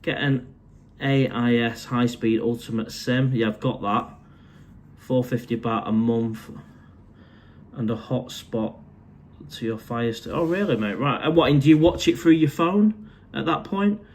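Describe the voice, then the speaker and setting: A man's voice: mid-range voice, unhurried, darkish tone, slight background noise. A man, casually chatting on a live stream from his condo, reading out viewer comments and calling everyone mate. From England.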